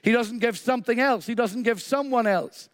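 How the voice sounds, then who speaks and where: A man's voice: extremely high pitch, moderate pace, clean studio sound. A man preaching a sermon with emphatic, repeated phrases and a short story woven in. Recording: long hall reverb.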